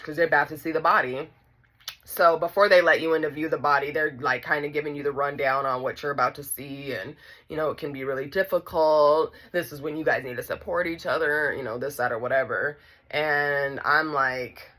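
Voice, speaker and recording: A woman telling a personal story in a casual, animated way, talking straight to her viewers. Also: low-pitched, measured pace.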